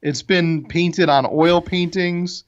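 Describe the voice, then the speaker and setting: A man's voice: on the high side, fairly even intonation, takes it slowly. Opinionated man, dull lo-fi audio. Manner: opinionated, stumbling restarts. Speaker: podcast co-host. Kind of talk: casual debate chat.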